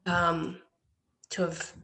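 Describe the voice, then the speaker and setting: This nonprofit founder's voice is fairly low and sharp, her delivery completely flat and very slow. Still earnest, she's a guest in a casual online interview on a video call, describing how her care-package effort grew and often quoting others.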